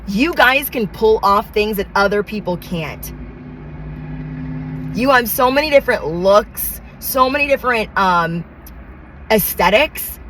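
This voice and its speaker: A woman's voice: mid-range voice, lively intonation, unhurried, fairly bright tone, slight background noise, rough recording. A woman giving a channeled tarot reading, talking in emphatic, repetitive affirmations with casual slang. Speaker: tarot reader.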